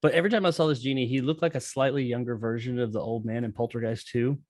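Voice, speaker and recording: A man from the American South co-hosting a podcast in casual chat, wisecracking and quick to laugh. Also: mid-range voice, fairly even intonation, a little mellow, dry recording, studio quality.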